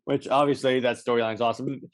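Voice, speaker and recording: A man's voice: medium pitch, fairly even intonation, quick pace. A man co-hosting a podcast, casually recapping a comic with many restarts and acted-out quotes. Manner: rambling, many restarts, acts out lines. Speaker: podcast co-host.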